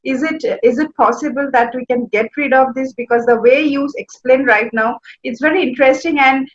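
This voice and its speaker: A woman's voice: sits high, brisk. A woman interviewing a guest, polite and hesitant, with many fillers. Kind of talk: interview questions. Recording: dull lo-fi audio.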